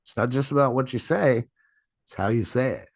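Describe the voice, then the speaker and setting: A man's voice: medium pitch, a little fast, no echo. A middle-aged man giving a business training presentation over a video call, stressing and stretching his words and often checking in with "right?". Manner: frequent "right?" tag questions. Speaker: sales trainer.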